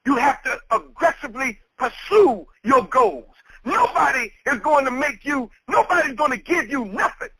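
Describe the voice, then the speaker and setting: High, lively preaching man. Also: normal speed, gravelly, no room sound, poor audio. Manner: emphatic, repetitive preaching cadence. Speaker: minister. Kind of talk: sermon.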